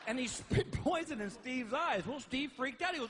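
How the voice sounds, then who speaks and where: A man doing stand-up comedy, telling animated stories with exasperated outbursts. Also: very high voice, normal speed.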